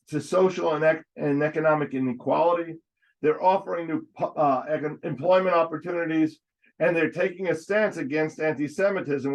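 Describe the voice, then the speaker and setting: A man's voice: fairly high pitch, a little mellow. A man giving an adult education history lecture, often breaking off mid-word and correcting himself. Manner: halting, frequent false starts and self-corrections. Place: congregation classroom. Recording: dull lo-fi recording.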